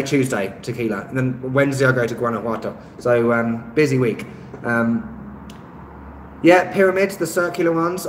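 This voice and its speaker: This YouTube travel channel host is a man from West London, England, with a local accent and a medium-pitched voice. Reading viewer comments aloud on a live stream, he stays laid-back, fills pauses with plenty of ums and laughs at his own remarks. Faint traffic can be heard, and the room echoes.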